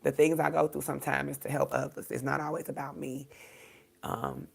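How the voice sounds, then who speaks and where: A woman in her thirties hosting a livestream while grieving, halting with many pauses as she reads viewer comments, near tears. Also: extremely low pitch, steady tone, gravelly, darkish tone, slight background noise. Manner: halting, many ums, swears, faith talk. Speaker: livestream host.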